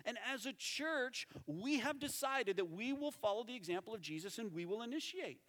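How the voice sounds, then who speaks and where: A man preaching a sermon as pastor, conversational and animated, dropping to soft tones for emphasis. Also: very high voice, normal speed. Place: church sanctuary. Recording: reverberant hall.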